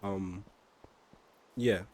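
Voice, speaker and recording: A man's voice: low voice, steady tone, extremely slow, a little mellow, a little hiss or hum. A young man streaming a game and chatting casually about his motorbike and car, rambling with lots of fillers and mild swearing. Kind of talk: casual chat while gaming.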